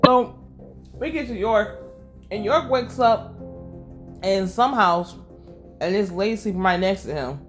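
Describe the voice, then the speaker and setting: A woman casually recapping a TV episode, animated and profane, laughing as she tells it. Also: medium pitch, a little slow, long pauses, faint music behind. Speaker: show recap vlogger.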